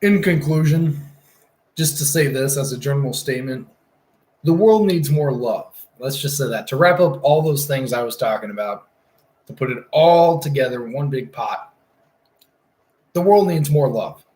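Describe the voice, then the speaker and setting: A man's voice: mid-range voice, expressive, normal speed, a little mellow. A young man chatting casually on a livestream, rambling and swearing as he gets sidetracked. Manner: rambling, profane, easily distracted. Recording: roomy echo.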